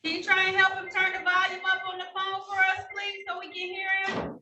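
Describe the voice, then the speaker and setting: A woman's voice: extremely high pitch, monotone, brisk, sharp tone. A woman judge running a hearing over a video call, talking in a patient, reassuring, businesslike way. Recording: echoey room, picked up from a distance, faint noise.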